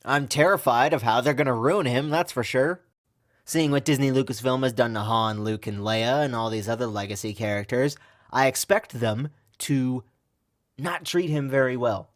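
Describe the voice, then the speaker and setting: A man's voice: medium pitch, moderate pace. Guy doing a casual show review, sarcastic, kinda grumbly, regular mid voice. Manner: sarcastic, complaining.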